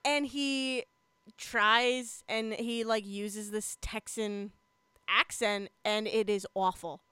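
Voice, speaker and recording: A young woman chatting casually on a podcast, talkative and quick to laugh, with many fillers. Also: mid-range voice, fairly even intonation, bright, forceful tone, clean tone, no room sound. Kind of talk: casual chat about TV shows.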